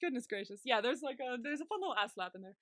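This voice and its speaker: A woman's voice: on the high side, expressive, no echo, clean studio sound. A woman co-hosting a podcast, recapping an episode in casual chat, giggling often and acting out characters' lines. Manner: giggly, acts out characters' lines in quick impressions. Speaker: podcast co-host.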